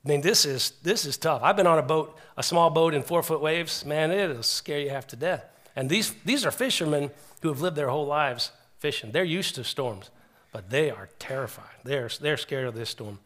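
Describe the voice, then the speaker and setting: A pastor in the middle of a sermon, his voice sitting a little high for a man. He tells stories conversationally, pressing some points loudly and dropping others almost to a hush. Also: expressive, normal speed. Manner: conversational storytelling, swinging between loud emphasis and hushed tones.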